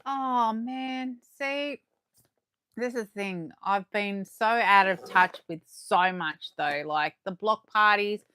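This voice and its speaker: A woman chatting excitedly to viewers as she unboxes collectibles live, her voice going a little hoarse. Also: mid-range voice, takes it slowly, no echo. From Australia. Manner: chatty and excitable, gasping and laughing, talking to viewers. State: losing her voice. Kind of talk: casual live unboxing chat.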